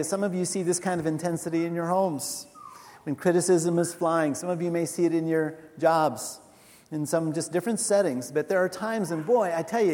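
Guy pastor preaching, chatty and animated, fairly high voice, big hall echo. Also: slight background noise. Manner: animated, conversational, laughing asides. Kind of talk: sermon. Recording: large hall reverb.

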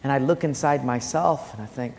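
A man preaching as a pastor, telling personal stories in an animated way and loudly acting out the voices in them. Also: mid-range voice, a little fast, creaky. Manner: animated storytelling with loud acted quotes. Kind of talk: sermon. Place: church sanctuary. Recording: long church-hall reverb, faint music.

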